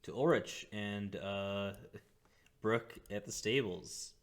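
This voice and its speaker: A man narrating as dungeon master, relaxed, with chuckling asides. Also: lowish voice, takes it slowly. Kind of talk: narrating a tabletop game.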